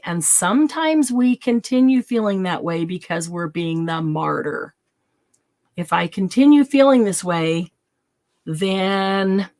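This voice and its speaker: A woman hosting a craft channel, giving heartfelt, encouraging advice to viewers and acting out gentle self-talk in the first person. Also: mid-range voice.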